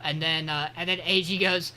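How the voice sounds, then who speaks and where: A man's voice: a little high, flat delivery, normal speed, sharp tone. A man co-hosting a podcast, recapping an episode in a rambling, swearing, casual way. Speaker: podcast co-host.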